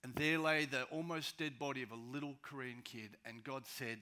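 A man preaching a sermon as pastor, swinging between loud, urgent rises and quiet, slow drops. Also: mid-range voice, fairly even intonation, clean tone.

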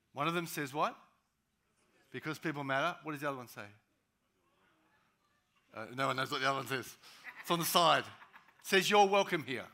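Animated pastor preaching with a bright voice. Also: male voice, mid-range voice. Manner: animated preaching with sudden loud rises and quiet drops. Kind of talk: sermon.

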